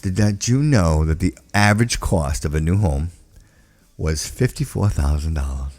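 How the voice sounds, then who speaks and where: Live-show host, male, low voice, friendly and jokey banter. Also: animated, moderate pace, a little mellow. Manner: upbeat, jokey, calls people brother. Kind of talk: casual live-stream chat.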